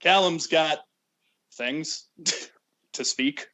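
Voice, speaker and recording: A man's voice: a little high, drawn-out words, sharp tone. A young man hosting a casual podcast chat, giggly and self-mocking. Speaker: podcast host.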